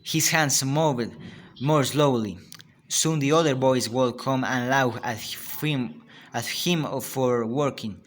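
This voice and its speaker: Reading a story aloud in a halting way, this Spanish-accented male student, a native Spanish speaker, frequently starts over. He has a medium-pitched voice.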